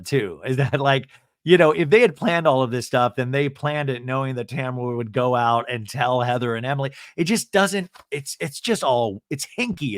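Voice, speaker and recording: A man hosting a podcast, casually recapping an episode with wry asides and acting out quotes in jumpy, higher voices. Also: no room sound, clean studio sound. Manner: acts out quotes with quick pitch jumps. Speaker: podcast host.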